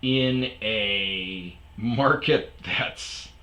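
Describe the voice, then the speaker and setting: A man's voice: on the low side, drawn-out words, bright, forceful tone, roomy sound, rough recording. A man hosting his own podcast, telling a rambling casual story full of fillers and asides. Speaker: podcast host. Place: sparse room at home.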